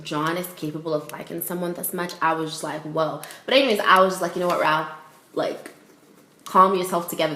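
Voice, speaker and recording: A young woman telling a casual storytime vlog, animated and laughing as she acts out everyone's lines. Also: fairly low pitch, reverberant. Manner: animated, quotes people in voices, laughs a lot.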